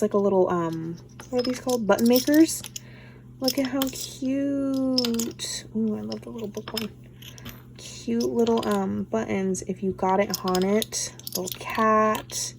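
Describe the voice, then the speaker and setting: A woman in her thirties talks through a craft unboxing in an easy, mid-pitched voice. She gushes and gets excited over each item, at times falling into a near whisper. A faint hiss sits under the recording. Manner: gushing, excitable, drops to soft whispers. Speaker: craft vlogger. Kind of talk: casual unboxing chat.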